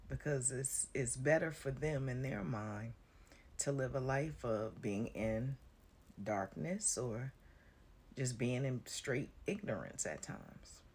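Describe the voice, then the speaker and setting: A spiritual content creator talks casually to her viewers in a very deep, slow, slightly mellow voice, with a little background noise. She's blunt and sassy, swears freely, and drawls out "honey" and "baby" at her listeners.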